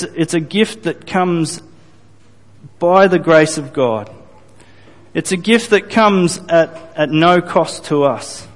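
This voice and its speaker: A man preaching a sermon to his congregation, earnest and deliberate, repeating phrases and restarting sentences as he builds his point. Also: fairly high pitch, big-room sound. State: briefly choked up. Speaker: pastor.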